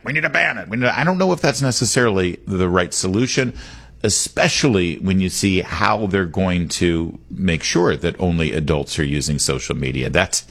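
A middle-aged man with a low voice hosts a political call-in radio show. He talks in an animated, wandering way and leans hard on his points. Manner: animated, digressive, emphatic. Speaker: radio talk show host. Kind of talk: political talk radio monologue.

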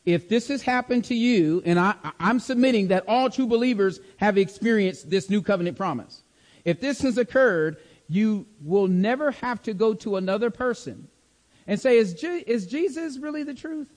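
A man's voice: sits high, expressive, normal speed, long reverb tail. A man teaching a Bible lesson in sermon style, stressing and repeating key words and checking that his listeners follow. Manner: emphatic, repeats key words, asks the class to follow along. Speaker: preacher teaching a Bible study.

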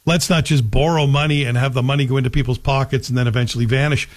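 A man's voice: mid-range voice, fairly even intonation, fast talker. A man hosting a morning talk radio show, chatting wryly and mocking himself. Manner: wry, self-mocking, chatty. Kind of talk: casual talk radio commentary.

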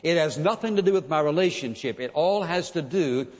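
A man's voice: fairly high pitch, animated, brisk. A man preaching a sermon in an earnest, conversational way, now and then acting out pleading prayers. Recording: muffled sound in a large reverberant hall.

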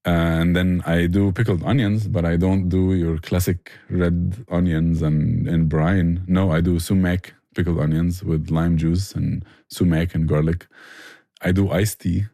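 A very low-pitched man talks about his barbecue cooking in an interview. His voice is dark and mellow, and it sounds dry and close. He speaks earnestly and eagerly, restarting phrases as he goes. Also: level tone, measured pace, creaky, dry recording. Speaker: barbecue restaurant owner, guest. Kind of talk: conversational interview answers.

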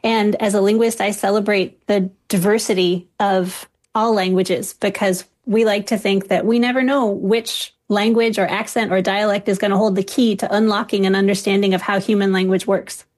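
A female linguist speaking as an expert guest, laying out points steadily in a clear, lecture-like way. Her voice sits at an ordinary pitch. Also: fairly even intonation, moderate pace, hardly any pauses, a little mellow. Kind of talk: expert interview.

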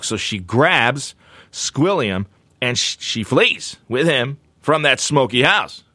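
Man, radio talk show host, lively swooping delivery, dry close studio sound, playful. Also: medium pitch, unhurried, no echo. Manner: animated, playful, does silly voices. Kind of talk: casual radio storytelling.

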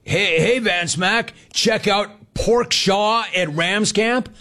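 A man hosting a casual sports talk show, reading listener messages and riffing in a playful way that jumps up in pitch for emphasis. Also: slow, bright, forceful tone.

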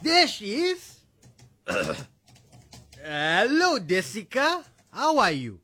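An actor playing a drunk, abusive ex-husband who is a bullying cop, slurring and taunting. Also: male voice, sits high, sing-song, unhurried, sharp tone, slight background noise, heavily acted. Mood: belligerent.

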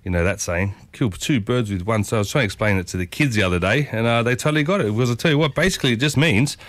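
A man's voice: medium pitch, very fast, fairly bright tone, no room sound. Chatty male radio host, dry studio sound. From Italian heritage. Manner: chatty, enthusiastic, addresses listeners as folks. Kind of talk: casual radio talk segment.

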